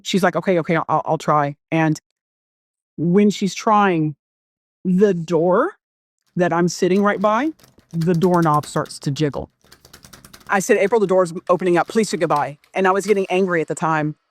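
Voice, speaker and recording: A woman's voice: on the low side, unhurried, pauses often, no room sound. A woman telling a first-hand scary story as a podcast guest, rambling, restarting and swearing as she quotes herself.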